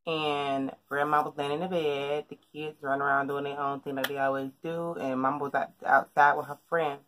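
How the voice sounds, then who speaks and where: A woman's voice: low-pitched, flat delivery, moderate pace, fairly bright tone. A young woman telling a personal story in a casual, rambling vlog from her bedroom, full of fillers and restarts. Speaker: vlogger. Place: bedroom at home.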